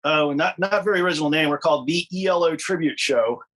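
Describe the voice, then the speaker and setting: A man's voice: on the high side, fast talker, fairly bright tone, rough recording. A man, a guest musician on a podcast, explaining things in a friendly, articulate way. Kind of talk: podcast interview.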